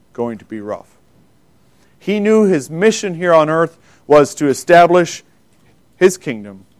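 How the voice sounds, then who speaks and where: A man delivers a sermon from the pulpit. His voice sits a little high for a man. He speaks with emphasis and lifts his voice when he quotes scripture. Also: darkish tone. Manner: pauses and self-corrects, loses place in notes. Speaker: preacher.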